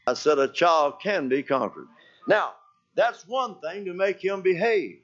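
Older male pastor, folksy storyteller, slightly high voice, lo-fi sermon recording. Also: a little slow. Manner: folksy storytelling, animated with shouted quotes and hallelujahs. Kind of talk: anecdotal sermon. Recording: dull lo-fi church recording.

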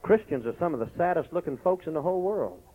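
A male pastor delivers a sermon in a voice a touch higher than usual, with a pitch that leaps and dives constantly. He bursts into shouts between stretches of storytelling and scripture. The sound is muffled and lo-fi. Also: fast. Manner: shouting exclamations, animated. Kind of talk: Pentecostal-style sermon. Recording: lo-fi recording.

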